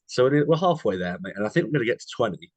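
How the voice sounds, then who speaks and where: A man's voice: medium pitch, big pitch swings, rapid-fire, dry recording. A young English man co-hosting a podcast, chatting casually, calling his friend mate constantly and telling anecdotes. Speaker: podcast co-host. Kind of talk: casual chat.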